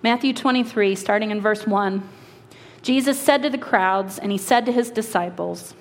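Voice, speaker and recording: Woman pastor preaching in a reverberant hall. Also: mid-range voice. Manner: earnest, slows for emphasis, brisk asides. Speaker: lead pastor. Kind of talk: sermon with scripture reading.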